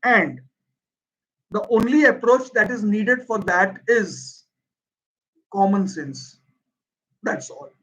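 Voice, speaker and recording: A man's voice: sits high, lively intonation, takes it slowly, pauses often, fairly bright tone, rough recording. A man with an Indian accent, a Hindi speaker, answering viewers' questions in an earnest, emphatic livestream English lesson. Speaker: English teacher.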